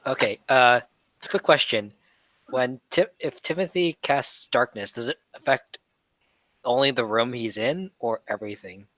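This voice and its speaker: A man playing in a tabletop game, asking eager quick questions. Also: mid-range voice, a bit bright, no echo, low-quality recording. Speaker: player. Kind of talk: casual tabletop play.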